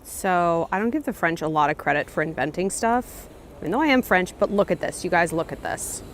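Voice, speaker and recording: A woman talking to camera in a casual travel vlog, chatty, excitable and jokey, recorded outdoors on a handheld camera. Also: lowish voice, brisk, slight background noise. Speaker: travel vlogger. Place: outdoors on a café patio and in city streets.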